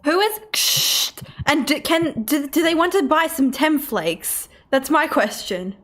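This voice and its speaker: A woman's voice: high voice, expressive, a little slow, fairly bright tone. A woman playing a tabletop game, playful and quizzical. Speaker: player.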